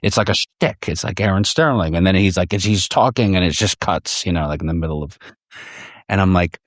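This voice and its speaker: Podcast guest, male, deep voice, dry handheld-recorder sound, loose and profane, lots of restarts. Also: fairly quick, no echo. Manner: rambling, profane, many restarts. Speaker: podcast guest, fellow podcast host. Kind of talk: casual in-person chat. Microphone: handheld portable recorder.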